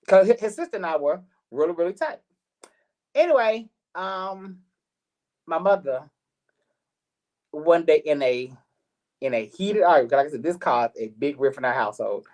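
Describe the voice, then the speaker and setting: A middle-aged man hosting a live talk show, telling a personal story in an animated way, repeating words and acting out what others said. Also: a little high, normal speed, pauses often. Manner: animated, repeats words, acts out quoted voices. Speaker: host.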